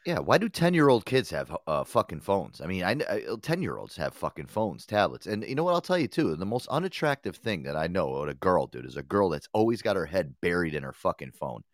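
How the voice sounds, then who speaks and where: A man hosting a casual talk show, telling stories in a profane, animated way. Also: deep voice, brisk, hardly any pauses, no room sound, clean studio sound. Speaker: podcast host. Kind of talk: casual chat.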